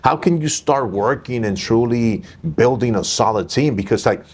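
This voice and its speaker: A man's voice: mid-range voice, normal speed, a little mellow. A man hosting a casual interview, asking long stacked questions and chiming in eagerly. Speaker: interview host.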